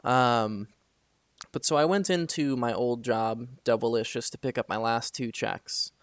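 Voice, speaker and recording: A man's voice: medium pitch, unhurried, no room sound, clean studio sound. A young man telling a story to his camera late at night, rambling with many fillers and swearing when he vents. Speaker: vlogger.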